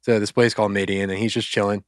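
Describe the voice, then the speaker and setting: A man co-hosting a faith podcast, casually retelling a Bible story in loose, chatty speech, with quick asides and quoted lines. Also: on the low side, level tone, no room sound, clean studio sound. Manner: loose, conversational, acts out quotes with filler words. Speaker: podcast co-host.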